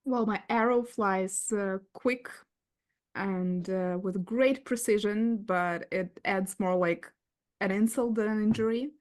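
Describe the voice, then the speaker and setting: Slow, careful woman player. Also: mid-range voice, darkish tone. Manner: careful, halting. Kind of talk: casual tabletop play.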